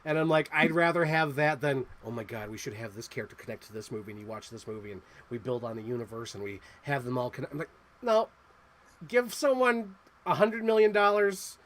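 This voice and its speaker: A young man co-hosting a casual movie chat, playful and quick to act out quotes with a laugh. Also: medium pitch, a bit bright, poor audio. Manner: playful, jumps into quoted voices, frequent laughs. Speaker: co-host.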